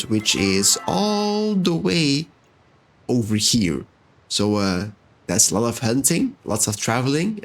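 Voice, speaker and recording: Man, gameplay commentary, slow and easygoing delivery, pitch bouncing up and down, chatty, faint game music behind. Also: fairly bright tone. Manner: chatty, talks to game characters. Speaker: let's-play host.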